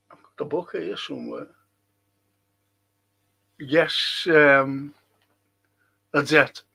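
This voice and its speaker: A man's voice: a little high, creaky, sharp tone. A man, a historian hosting a live stream, chatting casually and joking as he greets viewers by name.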